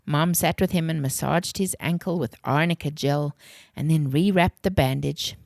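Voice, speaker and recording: A woman reading a children's adventure novel aloud in a calm, clear storybook manner. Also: deep voice, normal speed, dry recording, studio quality.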